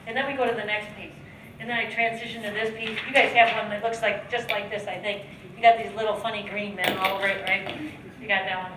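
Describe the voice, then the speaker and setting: A woman giving a motivational sales training talk at a seminar, coaching the audience with rhetorical questions and acted-out sales pitches. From United States. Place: seminar room, heard from a distance. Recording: echoey room, distant mic, faint background noise.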